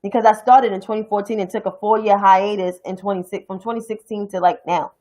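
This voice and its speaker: A young New York City woman, New York accent and all, delivers heated, profane, blunt political commentary on her own stream. She keeps a steady tone at medium pitch, a little mellow, while talking at a quick pace. The recording quality is low.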